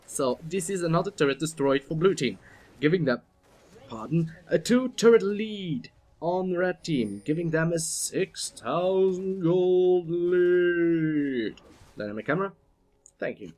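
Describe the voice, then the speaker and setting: A man with a somewhat high voice casting an esports match on his own. He talks through the plays in a chatty way, correcting himself as he goes, and his voice jumps up when the action heats up. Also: moderate pace. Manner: excitable, voice jumps up at big plays. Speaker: esports shoutcaster. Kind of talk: solo esports play-by-play commentary.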